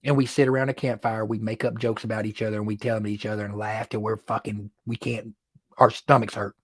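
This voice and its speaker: A man's voice: on the low side, little pitch movement, fast talker, husky, no room sound. A man hosting his own weekly livestream from his studio, chatting casually, joking and laughing often. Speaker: livestream host. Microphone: phone or computer livestream.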